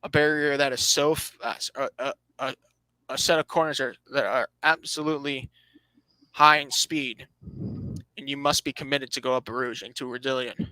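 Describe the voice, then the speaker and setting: A man's voice: mid-range voice, fairly even intonation, moderate pace, pushed and bright, clean tone, dry recording, poor audio. A man hosting a casual motorsport podcast, reading out standings and giving his opinions with dry sarcasm, often restarting his phrases. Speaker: podcast host.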